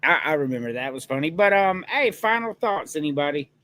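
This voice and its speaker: Bright high-voiced man hosting a chat. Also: animated, a little fast, no echo. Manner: laid-back, trails off with ums and uhs. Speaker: podcast host. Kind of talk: casual chat.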